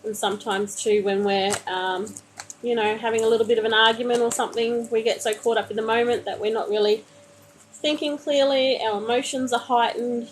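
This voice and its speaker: A woman reading tarot cards for viewers on a live stream, calmly reassuring them and calling them honey. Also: on the high side, a little fast, slight background noise, rough recording. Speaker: tarot card reader. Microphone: phone.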